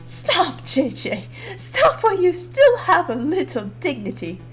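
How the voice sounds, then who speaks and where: Haughty male bird prosecutor for a game, read by a woman; high, lively, condescending. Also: unhurried, exaggerated voice. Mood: smug. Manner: smug and formal, lecturing. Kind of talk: reading game dialogue aloud.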